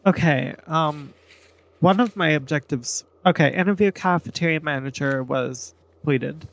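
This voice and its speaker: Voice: medium pitch, moderate pace, creaky. A streamer casually commenting and reading dialogue while playing a game, with chatty asides.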